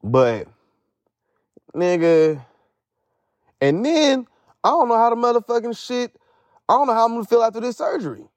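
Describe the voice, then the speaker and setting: A man's voice: very high voice, lively intonation, moderate pace, long pauses, no echo. A young man hosting a podcast alone, talking casually in a rambling, profane way while in pain from a foot injury. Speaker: podcast host. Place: sitting outdoors at home.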